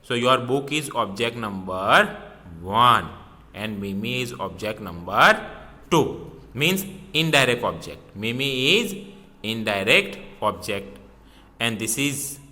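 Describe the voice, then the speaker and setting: Slow, sharp-toned teacher in a reverberant room. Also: male voice, mid-range voice, very animated. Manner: repeats words, asks and answers his own questions. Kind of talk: classroom grammar lesson. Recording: long reverb in a hall.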